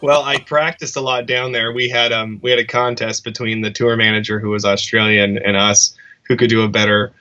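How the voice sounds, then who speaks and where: Male musician guest, bright tone, muffled lo-fi sound. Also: fairly low pitch, little pitch movement, fairly quick. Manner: reflective, rambling with restarts. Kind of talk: casual interview chat.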